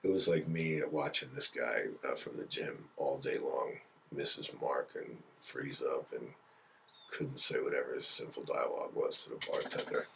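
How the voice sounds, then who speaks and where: A very deep-voiced man from Philadelphia, in his forties, spinning lively stories as a guest on a radio show. He slips into other people's voices as he tells them, with a faint hiss of noise under the talk. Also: moderate pace, creaky. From Philadelphia, USA. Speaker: guest actor. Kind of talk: casual storytelling interview. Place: radio studio.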